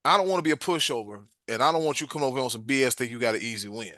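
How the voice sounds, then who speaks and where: A man on a casual podcast, telling a story in a blunt, animated, joking way. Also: mid-range voice, rapid-fire, no echo, studio quality. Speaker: podcast co-host.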